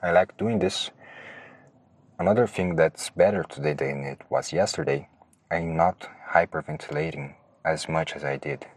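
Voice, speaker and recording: Nervous man rambling in a very deep rasp. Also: steady tone, moderate pace, no room sound. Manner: hesitant, self-deprecating, restarts often. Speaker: podcast host. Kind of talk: rambling solo monologue.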